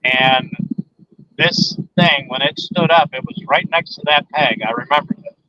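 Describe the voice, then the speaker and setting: A man's voice: on the high side, bright, forceful tone, no room sound. Man telling a story over a dull phone line. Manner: halting, repeats words, emphatic. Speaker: interview guest recounting an encounter.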